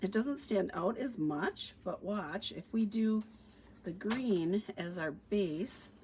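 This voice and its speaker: A woman's voice: mid-range voice, animated, slow pace, darkish tone, a little hiss or hum. A middle-aged woman demonstrating paper crafts on a casual livestream, chatty and thinking aloud, with fillers and a touch of allergy sniffles. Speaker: stamping demonstrator.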